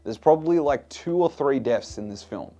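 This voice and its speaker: A man's voice: medium pitch, animated, normal speed, dark tone. A man giving a casual film review in a blunt, exasperated way, swearing freely.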